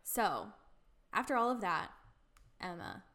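A young woman in casual chat, bubbly and quick to laugh, acting out lines she quotes. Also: on the low side, huge pitch swings, sharp tone.

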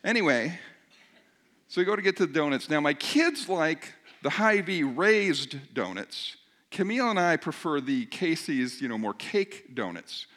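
A middle-aged male pastor telling a funny personal story in a sermon, animated and self-mocking, joking with his congregation. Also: fairly high pitch, measured pace.

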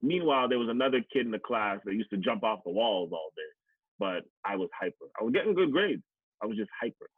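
This Canadian man's mid-range voice carries a breathy edge as he shares candid stories from his life. Blunt and emphatic, he swears and repeats words to stress them; he's an adult past teachers college, recorded dry with a tinny, phone-like sound.

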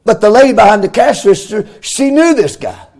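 A middle-aged pastor, preaching a fervent sermon in a sing-song cadence that swells into shouts. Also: male voice, high-pitched, a little fast.

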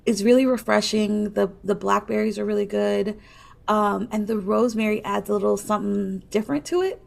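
A woman's voice: mid-range voice, fairly even intonation, fairly quick, vocal fry, darkish tone. A woman co-hosting a podcast, chatting in a hesitant, rambling way full of fillers. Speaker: podcast co-host. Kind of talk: casual chat.

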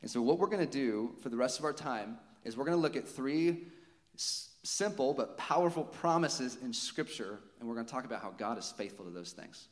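A man's voice: medium pitch, lively intonation, brisk. Man preaching in a reverberant hall. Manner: conversational preaching with rhetorical questions. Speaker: pastor. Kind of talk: sermon.

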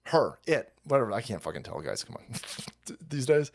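This livestream commentator from California speaks at a medium pitch and normal speed, with big swings in pitch and some vocal fry. His political rant is profane, full of swearing, laughter, and mockery.

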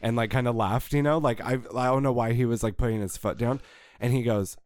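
A man co-hosting a podcast, chatting casually and telling an animated, jokey story. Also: medium pitch, brisk, no echo, studio quality. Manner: animated, jokey, raises voice for quoted lines. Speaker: podcast co-host.

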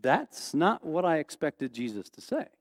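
A man preaching a sermon, his fairly high voice jumping all over as he acts out voices and quizzes the congregation. The sound rings with a long reverb, as if from a church hall. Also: measured pace. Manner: animated, acts out quoted voices, asks the congregation questions. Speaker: pastor.

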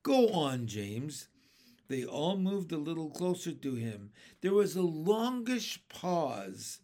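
A man reading a children's book aloud with expressive, dramatic storytelling. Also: on the high side, takes it slowly.

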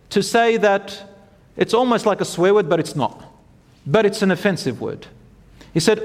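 Male preacher, animated storyteller, chants verses, reverberant hall recording. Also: fairly high pitch. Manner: animated, acts out quotes, chants Quran verses. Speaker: Islamic preacher. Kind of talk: storytelling sermon.

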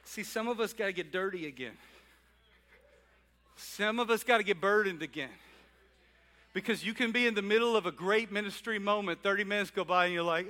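Pastor, male, higher pitch, animated preaching with hushed asides. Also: brisk. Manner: animated, shifting between loud calls and quiet asides. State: out of breath at times. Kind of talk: sermon. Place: church sanctuary.

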